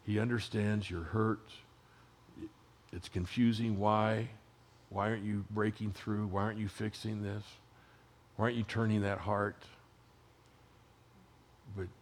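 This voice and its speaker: A man in his sixties, a pastor giving a sermon in a conversational storytelling way, his voice dropping to hushed tones and rising again. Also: fairly low pitch, little pitch movement, unhurried, long pauses. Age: 60s.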